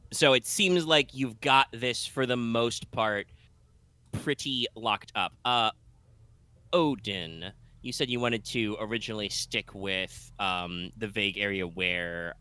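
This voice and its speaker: A man's voice: on the low side, bright, forceful tone. A man narrating a tabletop game as game master, rambling with many fillers and restarts.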